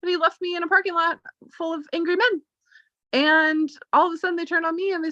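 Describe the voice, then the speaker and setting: A woman's voice: very high-pitched, quick pace, a bit bright, dry recording. A woman vlogging, telling a personal story in a casual, chatty way full of "like" and retold dialogue. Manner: chatty, full of "like" and quoted retellings. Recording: dull lo-fi audio.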